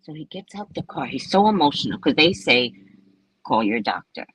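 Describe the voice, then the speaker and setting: A woman's voice: low voice, animated, a little fast, fairly bright tone, low-quality recording. A woman hosting a live stream, telling a personal story in a casual, blunt and profane way, laughing often. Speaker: psychic reader and live-stream host.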